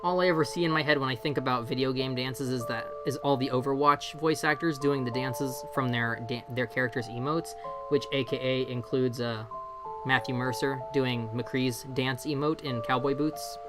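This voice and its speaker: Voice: mid-range voice, steady tone, normal speed. Forty-something streamer, casual bedroom chat, self-deprecating, laughs a lot, music under it. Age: 40s. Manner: chatty, self-deprecating, swears freely, laughs often.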